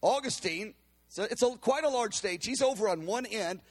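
A man preaching, telling a story in an animated way and acting out the voices of the people in it. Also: high-pitched, normal speed. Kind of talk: storytelling sermon.

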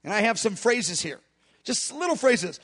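A man preaching and teaching on prayer, a fast, hard talker who speaks emphatically and breaks into quick laughs. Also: high-pitched, big pitch swings, fairly bright tone, slightly rough. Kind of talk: sermon-style teaching.

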